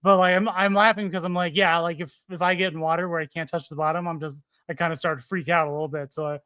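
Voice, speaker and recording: A man co-hosts a casual podcast, joking and laughing often. His voice is slightly high for a man. It is recorded dry and close, with no room sound. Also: steady tone, fast, bright, forceful tone, clear, resonant tone, no room sound. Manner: jokey, laughs a lot.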